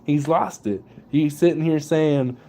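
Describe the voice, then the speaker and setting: A man's voice: fairly high pitch, measured pace, dark tone. A young man ranting casually and profanely, with slang and laughter. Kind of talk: casual political rant.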